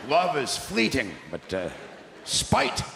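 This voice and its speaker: A middle-aged man doing stand-up comedy on a large theatre stage, gruff and ranting with deadpan asides. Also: mid-range voice, slow, very noisy. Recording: echoey theatre with loud laughing crowd.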